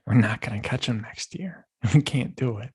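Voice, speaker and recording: A young man hosting a podcast, rambling through animated stories full of restarts. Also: mid-range voice, normal speed, husky. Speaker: podcast host. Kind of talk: casual chat.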